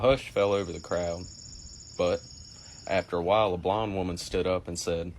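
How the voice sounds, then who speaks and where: A man telling the joke of the day in a steady, narrative way. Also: sits low, moderate pace, a little hiss or hum. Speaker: joke teller.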